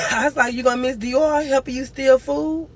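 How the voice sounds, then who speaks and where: A woman's voice: high-pitched, fairly even intonation, brisk. A grieving woman streaming live, telling a long emotional story and crying at times. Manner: tearful, cries and moans through the story.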